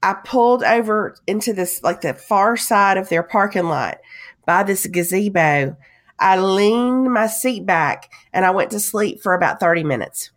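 A woman co-hosting a podcast in casual chat, her voice hoarse from a cough, telling stories with emphatic repeats. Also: mid-range voice, measured pace. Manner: chatty storyteller, emphatic repeats. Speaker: podcast co-host.

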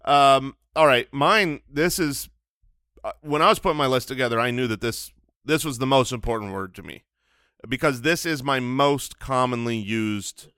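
A man co-hosting a comedy podcast, trading jokes in casual banter with quick asides. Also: mid-range voice, no echo, studio quality. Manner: animated, joking, quick asides. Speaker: podcast co-host.

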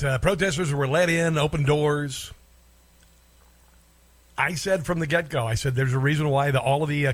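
A man hosting a political talk show, speaking in a sarcastic, scornful way and cutting in on played clips. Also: fairly high pitch. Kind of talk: combative commentary over clips.

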